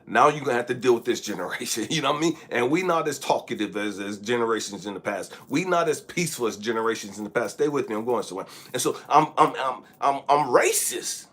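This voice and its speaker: Animated husky man telling a story. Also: medium pitch, fast, few pauses. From California. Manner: swings between loud, emphatic outbursts and hushed asides; often asks "you know what I mean?". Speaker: life coach. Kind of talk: motivational storytelling.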